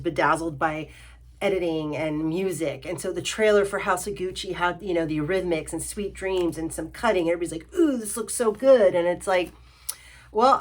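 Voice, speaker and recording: A young adult woman reviewing films in a sarcastic, exasperated rant, full of "like" and "you know.". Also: fairly low pitch. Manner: exasperated, sarcastic, filler-heavy ranting. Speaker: film reviewer. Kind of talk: ranting film review vlog.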